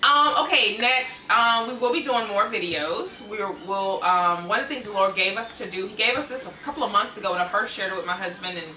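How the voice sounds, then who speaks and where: A bright, forceful American woman chats casually about her ministry, animated and quick to laugh. She sits back from the mic in an echoey room. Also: mid-range voice, recorded from a distance. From United States. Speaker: ministry host. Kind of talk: casual chat.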